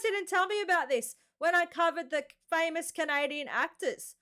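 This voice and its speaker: Excitable Australian woman, reaction host, pitched very high; chatty and exclamatory. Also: normal speed. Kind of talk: casual reaction commentary.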